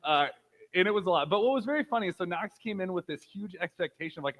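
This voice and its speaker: A man's voice: high-pitched, lively intonation, fast, a bit bright, poor audio. A man in his thirties giving a casual, conversational sermon, telling a personal story with frequent fillers. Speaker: pastor.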